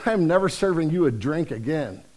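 A preacher playing a fed-up bartender who talks in short, stern, blunt orders. It sounds close to the man's own voice, pitched a little high. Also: lively intonation, normal speed, a little mellow. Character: fed-up gruff male bartender.

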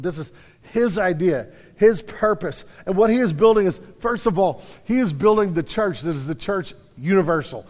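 A male pastor preaching a sermon, emphatic, swinging between loud declarations and quiet stretches. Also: sits high, lively intonation, normal speed, big-room sound. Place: church sanctuary.

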